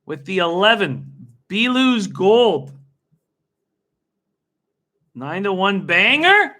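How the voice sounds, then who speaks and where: In a bright, forward voice pitched high for a man, a young livestream host bets on horse races. He's excitable, laughs easily, and calls out viewers by name as he reacts to them.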